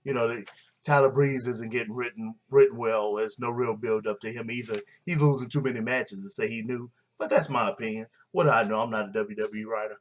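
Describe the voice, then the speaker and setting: A man's voice: medium pitch, fairly even intonation, a little fast. A man casually recapping a wrestling show, blunt and opinionated, rambling with fillers and restarts.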